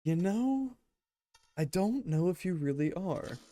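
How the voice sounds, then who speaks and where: A man's voice: sits high, big pitch swings, slow, warm tone, soft background music. A man streaming a game, rambling and joking back and forth with his chat. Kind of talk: casual gameplay commentary.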